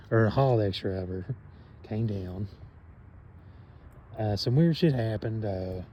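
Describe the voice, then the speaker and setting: A man talking in a rambling, meandering monologue, cursing often and filling gaps with pauses and fillers. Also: lowish voice, dull audio, slight background noise. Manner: meandering, profane, many fillers and trailing pauses.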